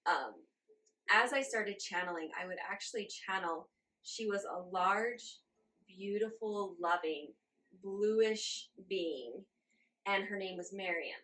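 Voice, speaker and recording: Woman in her 40s telling her story on an interview, lively, laughs a lot, mid pitch. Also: slow. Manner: animated, laughs often, acts out her own past reactions. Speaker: guest channeler.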